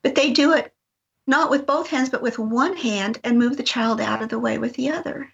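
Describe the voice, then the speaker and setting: A middle-aged woman from Colorado, a talk-show guest telling a personal story in an animated way, acting out voices as she goes. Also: fairly high pitch, normal speed, gravelly. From Colorado, USA. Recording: dull lo-fi broadcast audio.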